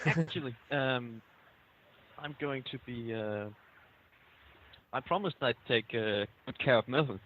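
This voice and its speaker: A man playing in an online tabletop game, halting, with many ums. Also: mid-range voice, a little hiss or hum. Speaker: player. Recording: tinny phone-like voice chat.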